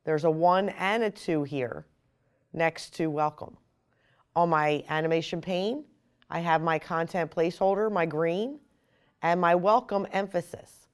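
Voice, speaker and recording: A woman explaining software step by step in a screen-recorded tutorial. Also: lowish voice, measured pace, clear, resonant tone. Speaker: software instructor.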